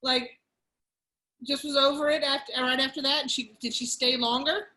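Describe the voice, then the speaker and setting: A woman's voice: sits high, steady tone, normal speed, bright, forceful tone. A woman co-host asking teasing, curious questions in casual chat over a video call.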